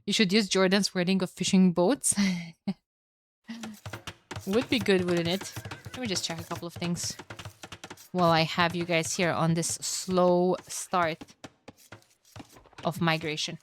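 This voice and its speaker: A woman commentating a strategy game alone for her live chat, chatty and excitable, tired and with a headache. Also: on the low side, unhurried, pauses often, slight background noise. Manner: chatty, excitable, swears and laughs at herself. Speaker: esports caster.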